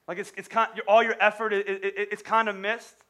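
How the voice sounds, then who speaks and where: A male pastor delivering an energetic sermon in a storytelling manner, stumbling and restarting at times. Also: high-pitched, fairly quick.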